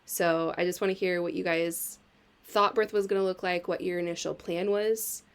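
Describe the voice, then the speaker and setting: A woman's voice: lowish voice, steady tone, normal speed, clean tone. A woman who is a doula and hosts a podcast, giving a friendly intro and then asking loose, casual questions.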